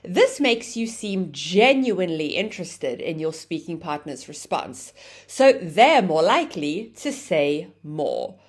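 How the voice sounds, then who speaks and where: Lively woman teaching English grammar. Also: on the low side, slow, slightly rough. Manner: explaining, acts out example phrases with exaggerated intonation. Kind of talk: grammar lesson.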